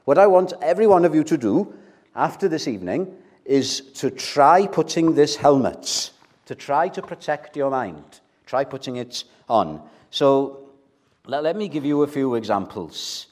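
A man's voice: fairly high pitch, animated, a little slow, darkish tone. An older man delivers a sermon with an emphatic, direct manner. He repeats key phrases for weight and keeps turning to his listeners with questions. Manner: direct, asks the congregation questions. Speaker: preacher.

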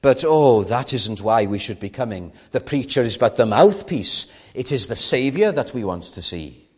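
A man's voice: medium pitch, very animated, moderate pace, breathy edge. A man preaching a sermon at an evening church meeting, earnest and rising to fervent emphasis.

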